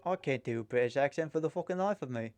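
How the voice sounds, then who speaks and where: A man's voice: medium pitch, animated, quick pace, darkish tone. Joking man doing game commentary. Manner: joking, profane asides. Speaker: let's play gamer.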